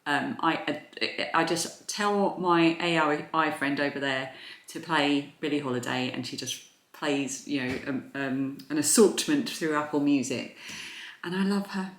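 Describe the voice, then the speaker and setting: Low-voiced British woman, rambling vlog chat. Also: unhurried. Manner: rambling, hesitant, warm-hearted with many fillers and restarts. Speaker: crafting YouTuber. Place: home, indoors. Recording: echoey room.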